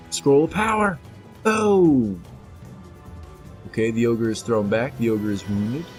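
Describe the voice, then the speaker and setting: Faint game music sits under a lowish, darkish male voice. He's a gameplay commentator giving casual let's-play narration, playfully talking to the enemies and reading the game's text out loud.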